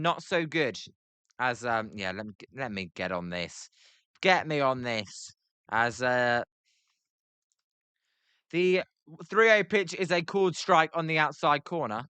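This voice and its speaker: Calling a baseball game live from his computer, a British streamer reads viewer chat between pitches. He sounds very animated yet unhurried, his crisp, bright voice pitched a little high and his rambling delivery full of ums and jokes at his own expense. The audio is close and dry, without echo.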